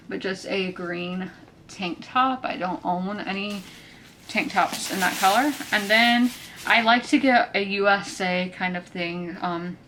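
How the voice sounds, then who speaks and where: A young woman chats on her vlog in a loose, rambling way, with plenty of fillers. Her voice sits at a middle pitch and she sounds a little out of breath. A faint noise hums behind her. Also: sharp tone. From South Carolina. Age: 20s. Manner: chatty and rambling, full of fillers. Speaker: book vlogger. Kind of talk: casual chat.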